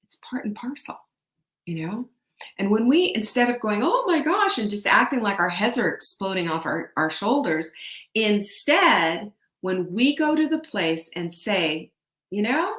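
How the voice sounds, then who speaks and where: A woman's voice: mid-range voice, animated, a little slow, fairly bright tone. A middle-aged woman hosting a motivational talk, chatty and often putting questions to her audience. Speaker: host. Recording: echoey room.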